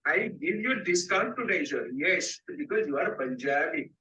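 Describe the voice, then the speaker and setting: A man's voice: on the high side, animated, normal speed, sharp tone. A man putting on the voice of a pushy restaurant owner who touts his dishes in broken English. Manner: hard-selling, broken English. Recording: distant muffled clip playback.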